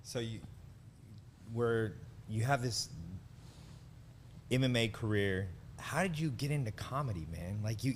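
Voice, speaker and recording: A man hosting a podcast asks questions in a low voice and trips over repeated words. A faint hiss runs under the recording. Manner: rambling, repeats words while asking. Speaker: podcast host. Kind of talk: casual interview.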